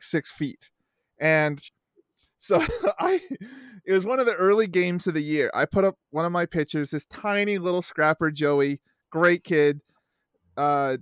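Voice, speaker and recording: Studio-clean and echo-free, this recording captures a middle-aged podcast co-host and youth baseball coach whose voice sits on the high side with a clean tone. In relaxed conversation, he spins meandering, foul-mouthed tales from youth sports.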